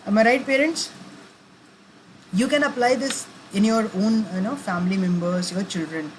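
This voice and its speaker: A woman gives a talk to parents, moving slowly and repeating her points, with frequent check-ins like asking the listener whether she is right. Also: mid-range voice, a little hiss or hum, poor audio. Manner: keeps asking the audience to confirm; unhurried, repeats and rephrases points. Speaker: parenting educator.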